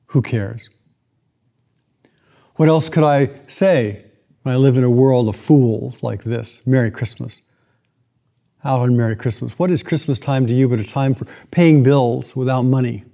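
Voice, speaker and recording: A man voicing a bitter, miserly old man in a read-aloud story, with a low, scornful growl. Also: measured pace, vocal fry, long pauses, mellow.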